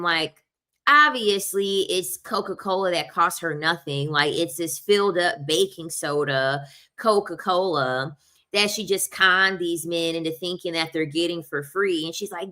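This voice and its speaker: A young adult woman telling personal stories in a casual, animated way, laughing often and acting out what people said. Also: on the low side. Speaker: video host. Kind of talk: casual storytelling.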